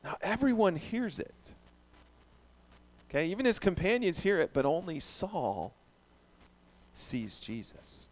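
Male preacher, sermon, animated, higher pitch, questions to the audience. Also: takes it slowly, long pauses. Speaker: pastor.

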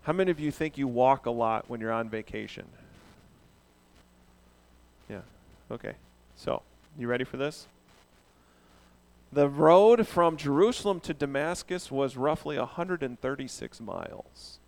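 A man preaching a sermon in an animated way, asking the congregation questions. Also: mid-range voice, unhurried, gravelly, long pauses. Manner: animated, asks the audience questions. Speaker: pastor.

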